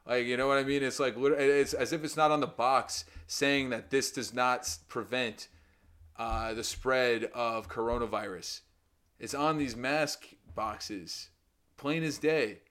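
A man co-hosting a podcast in casual chat, talking in a loose, animated way with lots of fillers and the odd curse. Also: a little slow, smooth. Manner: animated storyteller who acts out quotes with loud pitch jumps; swears casually, many fillers like "you know" and "man". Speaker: podcast co-host.

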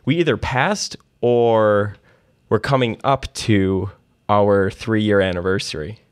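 A man's voice: on the low side, slow, clear, resonant tone, dry recording, clean studio sound. A man hosting a podcast, chatting casually and telling stories with plenty of fillers. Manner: conversational, storytelling with many fillers. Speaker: podcast host. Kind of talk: casual investing podcast chat.

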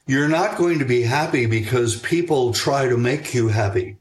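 An older man answering interview questions about raising children in a measured, reflective way, pausing on fillers and restarting sentences. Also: medium pitch. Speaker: guest author on parenting.

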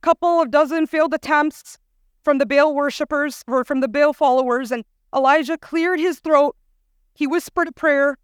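A woman's voice: sits high, normal speed, no echo, studio quality. Chatty young woman preaching to youth. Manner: chatty, animated, lots of "like". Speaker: guest youth speaker. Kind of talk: casual storytelling sermon.

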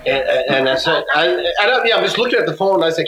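Male guest, casual storyteller, a little high-voiced, halting with restarts, roomy echo. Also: expressive, very noisy. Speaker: guest musician.

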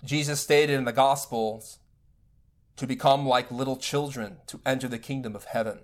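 A man giving a recorded spiritual lecture as a teacher, speaking in a measured, deliberate way. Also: mid-range voice, steady tone.

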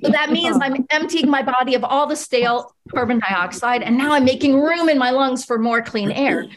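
A woman's voice: sits high, moderate pace, a crowd in the background. A woman leading a group laughter session, coaching in an upbeat way and often laughing as she talks.

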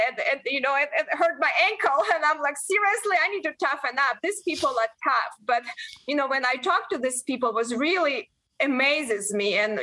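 A woman in her forties answering interview questions earnestly, often halting and restarting her sentences. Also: a little high, pushed and bright. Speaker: guest, member of Congress.

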